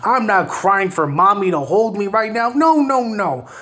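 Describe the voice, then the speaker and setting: A man's voice: high voice, lively intonation, measured pace, pushed and bright, full character voice. A man putting on a sarcastic voice of a panicky man who keeps insisting he is not scared, mocking and repeating himself.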